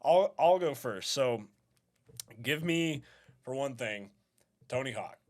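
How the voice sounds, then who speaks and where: A man with a drawl hosts a relaxed local sports talk show. His pitch sits in an everyday middle range. He talks in a casual, upbeat way and laughs easily. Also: slow pace. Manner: laid-back, laughing, upbeat.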